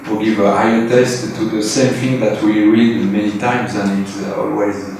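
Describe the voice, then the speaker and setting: Hesitant man, flat and slow, echoey distant hall. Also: lowish voice. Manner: hesitant, laughing often. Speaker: devotee giving thanks. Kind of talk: heartfelt thanks. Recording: echoey hall, distant mic, faint noise.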